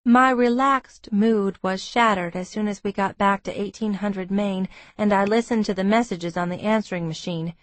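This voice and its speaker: A woman reading a romance audiobook in steady, intimate first-person narration. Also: mid-range voice, moderate pace, hardly any pauses, no echo.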